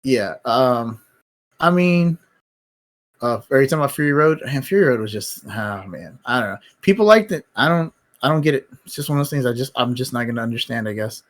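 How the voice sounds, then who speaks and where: On his live stream, a man rambles casually about films, speaking bluntly and cursing a lot. His voice sits at a medium pitch and sounds animated, moving along fairly quickly.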